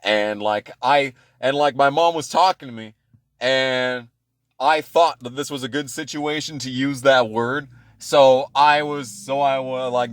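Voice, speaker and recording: A man in his twenties telling childhood stories in a casual, profane, rambling way, swinging between loud rants and low mutters. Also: steady tone, measured pace, no echo. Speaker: channel host. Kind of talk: casual storytime monologue.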